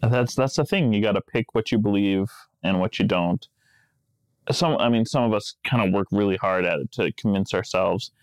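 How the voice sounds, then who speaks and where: A man's voice: on the low side, clean tone, no room sound. A man co-hosting a podcast in casual chat, wry and joking, laughing often. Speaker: podcast co-host.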